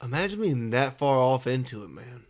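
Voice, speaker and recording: A man's voice: mid-range voice, big pitch swings, normal speed. A man hosting a podcast, chatting in a laid-back way and answering with blunt jokes. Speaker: podcast host. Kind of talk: casual chat.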